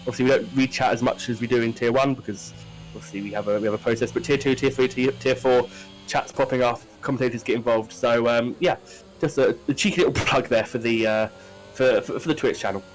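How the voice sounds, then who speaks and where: A man's voice: mid-range voice, fairly even intonation, fast talker, low-quality recording. A man giving chatty live commentary on a sim race, with many fillers and restarts.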